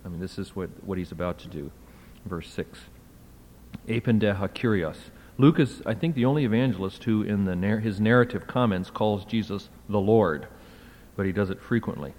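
A man's voice: fairly low pitch, moderate pace, a little mellow. Lecturing man in an echoey hall. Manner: conversational, keeps asking "right?". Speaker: teacher. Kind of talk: classroom lecture on Greek text. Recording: hall reverb.

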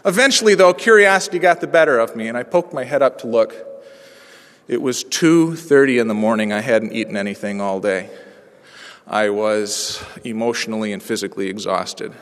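A pastor in his forties preaching a sermon through a personal story, moving from hushed, quiet passages to ringing proclamation. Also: mid-range voice, moderate pace. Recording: long reverb of a large hall.

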